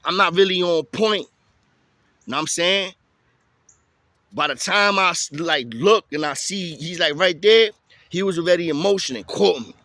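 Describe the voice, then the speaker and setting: A man telling a story in casual street slang, lively and chatty. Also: sits high, moderate pace, pauses often, dry recording. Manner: street slang, animated, tosses in "you feel me".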